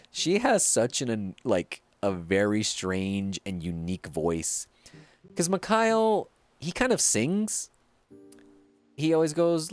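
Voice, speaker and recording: Giggly streamer chatting while gaming, pitch jumping all over the place. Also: sing-song, moderate pace, faint music behind. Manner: chatty and giggly, with many fillers. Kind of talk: casual gameplay commentary.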